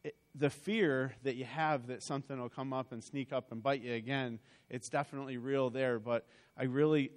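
A middle-aged man telling his personal testimony to a church, chatty and rambling, with frequent restarts and asides. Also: mid-range voice. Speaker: church member giving a testimony. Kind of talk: personal testimony told as a story.

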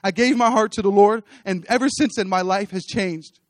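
Man, high-pitched, earnest church testimony, repeats phrases, dry sound. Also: normal speed, no room sound. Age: adult, with children. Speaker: church speaker giving testimony. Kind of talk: testimony sermon. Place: church stage.

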